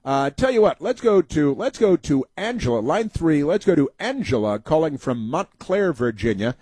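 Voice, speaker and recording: Sarcastic talk radio host, dry sound. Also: male voice, fairly high pitch, sing-song, moderate pace, dark tone, husky, no room sound. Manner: sarcastic, mocking, heavy on filler sounds.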